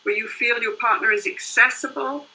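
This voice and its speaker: A woman's voice: a little high, steady tone, moderate pace, pushed and bright, poor audio. An older woman, a couples therapist, explaining her work in earnest, flowing interview answers. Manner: earnest, explains in long flowing runs with "you know" and "right?".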